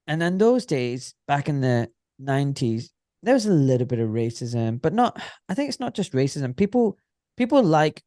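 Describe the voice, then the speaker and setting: A Scottish orthopaedic surgeon in his forties tells stories in a casual, rambling interview full of filler phrases. His mid-range voice has a dark tone, and the recording is clean studio sound with no echo.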